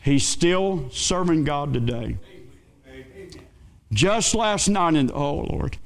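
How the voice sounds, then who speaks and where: A male pastor, telling a folksy story in a sermon with dramatic swings between excited and hushed. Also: on the high side, slow, vocal fry.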